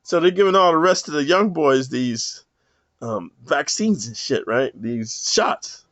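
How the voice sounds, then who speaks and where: A man giving a rambling, profane monologue to camera, rough street talk full of "man". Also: a little high, unhurried, fairly bright tone, no echo. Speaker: self-help vlogger. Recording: dull lo-fi dry sound.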